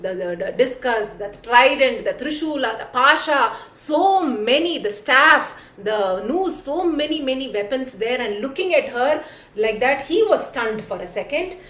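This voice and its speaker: A woman telling a devotional story, animated and speaking directly to her listeners. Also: high-pitched, a little slow, reverberant.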